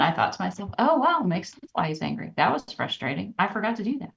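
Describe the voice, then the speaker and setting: A woman co-hosting a podcast, telling personal stories in an earnest, reflective way that turns animated. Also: medium pitch, fast, gravelly. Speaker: podcast co-host. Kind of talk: candid personal storytelling. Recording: dull, slightly distant podcast audio.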